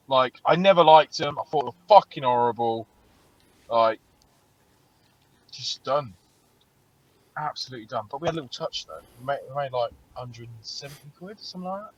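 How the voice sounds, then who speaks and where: A man's voice: mid-range voice, normal speed, long pauses, dry recording, lo-fi sound. A man co-hosting a casual podcast and telling stories animatedly, swearing a lot. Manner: animated storytelling, heavy swearing. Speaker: podcast co-host. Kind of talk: casual chat.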